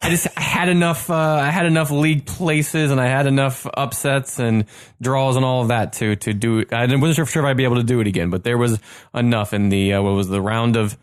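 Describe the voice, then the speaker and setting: A man with an ordinary mid-range voice, trading quick wisecracks in easy banter. The recording is dry and close, without any room sound. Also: medium pitch, steady tone, clean tone, dry recording. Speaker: podcast co-host. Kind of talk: casual chat.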